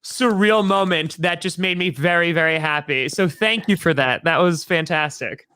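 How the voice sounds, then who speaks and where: A man in his thirties from New York, an upbeat podcast guest chatting casually and repeating himself when excited. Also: a little high, normal speed, clean tone. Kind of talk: casual chat.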